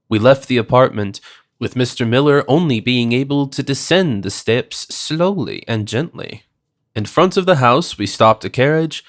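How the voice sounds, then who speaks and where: A male narrator reads a period detective story in the first person with measured, formal diction. His voice sits at an ordinary middle pitch and keeps an even, steady pace. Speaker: audiobook narrator.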